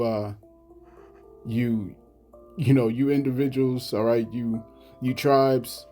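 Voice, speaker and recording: A man giving a religious commentary, speaking haltingly and often repeating "you know what I'm saying" between points. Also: medium pitch, fairly even intonation, warm tone, faint music behind. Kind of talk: scripture commentary vlog.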